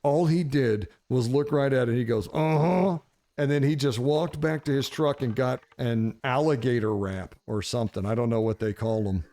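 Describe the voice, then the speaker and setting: A man telling a story casually, animated and profane, laughing as he goes. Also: mid-range voice, moderate pace, few pauses. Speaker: gaming streamer.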